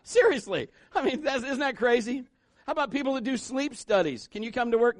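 A man's voice: very high voice, animated, fairly quick, no room sound. A man preaching a sermon in church, mixing jokes and acted-out quotes into his message. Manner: joking asides, voices quotes. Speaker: pastor.

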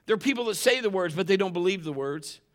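A man preaching a sermon, often climbing louder and higher when he drives a point home. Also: expressive, quick pace. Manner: impassioned, rises sharply in pitch and volume when stressing points; admits getting emotional while preaching. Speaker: pastor.

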